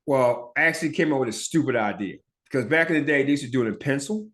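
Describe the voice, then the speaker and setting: A man from Philadelphia talks through his childhood on his own podcast. His voice sits at an ordinary pitch for a man, and he talks bluntly and profanely. He keeps checking in with listeners and now and then stutters or mumbles a word. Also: lively intonation, fast talker, a bit bright. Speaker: podcast host. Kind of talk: casual personal storytelling.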